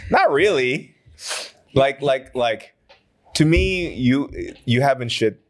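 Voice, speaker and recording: A man's voice: mid-range voice, animated, takes it slowly. An American man co-hosting a casual podcast, loose and profane, with a lot of filler words. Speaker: podcast co-host.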